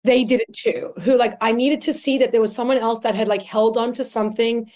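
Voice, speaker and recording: An Australian woman in her thirties, a podcast guest telling personal stories in an emotional, animated way. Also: a little high, a little fast. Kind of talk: casual conversational storytelling.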